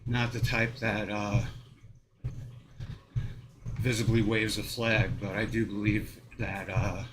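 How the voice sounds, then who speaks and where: A man's voice: fairly low pitch, level tone, takes it slowly, background noise. An American man talking casually while walking on a treadmill, rambling and profane, with lots of fillers and short laughs. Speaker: vlogger. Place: home treadmill.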